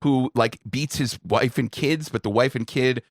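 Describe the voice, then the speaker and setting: Middle-aged male co-host, casual rambling movie chat, mid pitch, dry close mic. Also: moderate pace, dry recording. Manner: rambling, restarts, laughs often. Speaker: podcast co-host.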